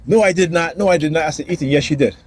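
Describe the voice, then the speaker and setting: Brief: agitated father on a phone vlog, voice a little high, faint street noise. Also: rapid-fire. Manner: agitated, repetitive, acts out quoted dialogue. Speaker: father vlogger. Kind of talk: ranting personal vlog. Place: outdoors near a building and street traffic.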